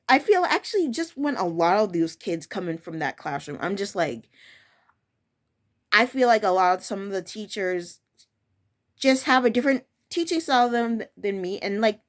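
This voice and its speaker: A young woman who works as a preschool teacher talks casually and frankly, with a firm tone and many restarts and self-corrections. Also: on the high side. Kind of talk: casual personal storytelling.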